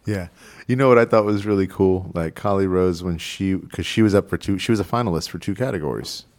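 A man's voice: low voice, a little fast, darkish tone. A man hosting a radio show, chatting casually with lots of fillers and laughs. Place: radio studio.

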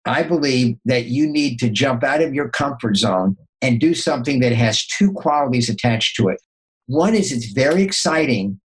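An older man with a mid-range voice speaks as a podcast guest, telling motivational stories. He shifts his pitch sharply as he acts out his own inner dialogue. He often stumbles, restarts and repeats words. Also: rough recording. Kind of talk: motivational storytelling.

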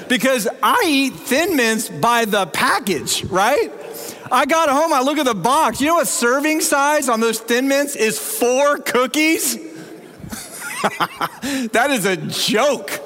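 High-voiced pastor in an echoing hall. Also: male voice, slow. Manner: animated, humorous storytelling. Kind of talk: sermon. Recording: long reverb of a large hall.

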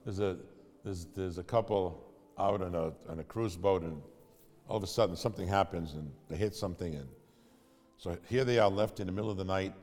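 A man's voice: sits low, a little fast, a little mellow, in a large hall. A man preaching in storytelling style, conversational and asking his audience questions. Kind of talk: sermon storytelling.

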